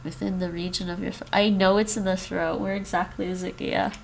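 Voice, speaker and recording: A woman's voice: on the low side, little pitch movement, fairly quick, creaky, a little hiss or hum. A woman chatting casually on a language-learning livestream, sniffly from the cold, repeating words after an app and laughing often. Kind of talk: casual livestream chat while practicing pronunciation.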